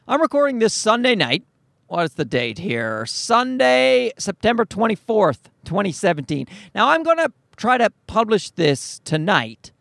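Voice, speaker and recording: A man's voice: high-pitched, gravelly, a bit bright, no echo, clean studio sound. A man hosting a solo podcast, ranting in an exasperated, profane and rambling way. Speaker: podcast host. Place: recorded at home at night.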